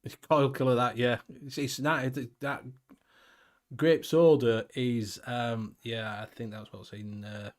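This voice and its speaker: Guy hosting a live chat, laid-back, joking, average pitch. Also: steady tone, measured pace. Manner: jokey and laid-back, often laughing. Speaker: host. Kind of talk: casual live-stream chat.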